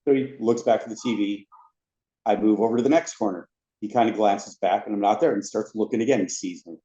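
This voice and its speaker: Lively storytelling man, lowish voice, roomy lo-fi sound. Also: quick pace. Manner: lively storyteller who acts out other people's lines. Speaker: podcast guest, former theme park ride attendant. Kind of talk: anecdotal storytelling in a podcast interview.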